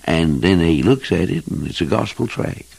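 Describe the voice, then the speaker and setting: Older guy preaching hellfire style, very deep gravelly voice, swings up and down a lot, dry sound. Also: very animated, moderate pace, a little mellow, no echo. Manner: fervent, emphatic preaching with King James phrasing. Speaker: evangelist preacher. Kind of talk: old-time sermon.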